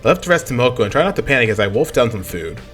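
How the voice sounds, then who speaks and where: A young man hosting a let's play, reading the game's narration and dialogue aloud in an animated way and often tripping over words before correcting himself. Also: mid-range voice, racing. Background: game music.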